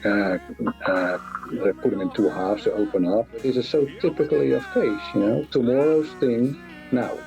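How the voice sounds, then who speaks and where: A man's voice: medium pitch, normal speed, creaky, music in the background, rough recording. A man recounting stories as an interview guest, hesitant and repetitive with many fillers.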